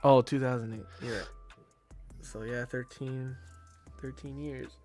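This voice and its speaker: A man hosting a casual movie review chat, retelling scenes in an animated way with playful impressions. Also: medium pitch, slow, soft background music. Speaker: podcast host.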